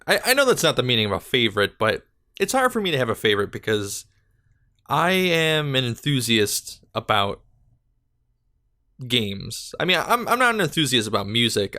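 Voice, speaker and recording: Rambling young man, bright dry voice. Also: lowish voice, no echo. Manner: rambling, filler-heavy, self-deprecating. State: slightly out of breath. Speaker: podcast host and gaming YouTuber. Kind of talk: casual solo podcast chat.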